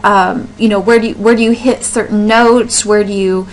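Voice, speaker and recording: A woman's voice: medium pitch, fairly even intonation, normal speed, slight background noise, low-quality recording. A woman teacher talking students through a recorded lesson, explaining step by step with frequent fillers and restarts. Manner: explanatory, with fillers and self-corrections.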